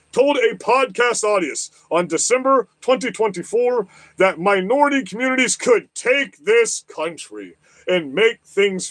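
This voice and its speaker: Guy ranting on a stream, cursing a lot, high-ish voice, super dry sound. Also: fairly bright tone, dry recording. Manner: agitated, swears constantly, repeats questions. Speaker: livestream host. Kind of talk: profane political rant. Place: lives in southwest Florida.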